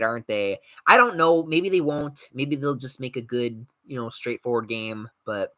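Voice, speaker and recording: Animated, profane young man ranting. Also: mid-range voice. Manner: blunt, profane, animated, mocks others in put-on voices. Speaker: podcast host reading live chat. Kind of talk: casual rambling chat.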